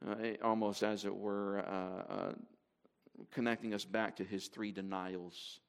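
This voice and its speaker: A man's voice: fairly low pitch, little pitch movement, unhurried, smooth. A man preaching to a congregation in a conversational way, with fillers and restarts as he reads scripture aloud. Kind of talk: sermon.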